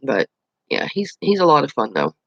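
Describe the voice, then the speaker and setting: A man's voice: medium pitch, wildly swooping pitch, normal speed, gravelly, pushed and bright, no echo, dull audio. A man hosting his own channel, chatting casually on a live stream, telling stories and answering viewer comments. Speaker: channel host.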